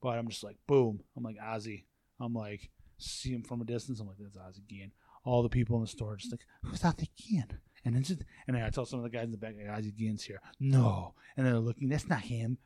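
A man chats casually and tells rambling stories peppered with swearing. His voice sits in a middle pitch. The room is dry, with no echo. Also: fairly even intonation, fast talker, dark tone. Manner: profane, rambling storyteller. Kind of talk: casual chat.

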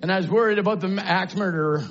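Male preacher, high-pitched, shouting sermon in a church sanctuary, muffled recording. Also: fast talker, a little hiss or hum. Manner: swings from low musing to shouted exclamations.

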